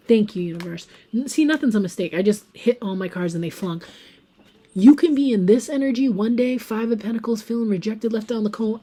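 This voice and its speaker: Woman doing a tarot reading, warm low-key tone, bit husky, chatty, talks right to the viewers. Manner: chatty, emphatic, talks straight to viewers as "guys". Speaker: tarot reader. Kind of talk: casual pick-a-card tarot reading.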